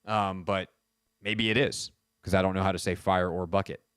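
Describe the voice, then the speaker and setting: A man's voice: low-pitched, little pitch movement, moderate pace, a bit bright, smooth, dry recording. A man hosting a sports radio show, telling stories in a casual, rambling way and poking fun at himself, on a studio microphone. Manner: rambling, self-mocking storytelling.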